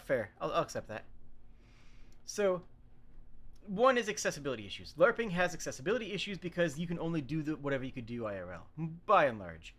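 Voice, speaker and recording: A man hosting a casual livestream, explaining games in a chatty way, often correcting himself mid-sentence and adding asides. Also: fairly high pitch. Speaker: streamer host.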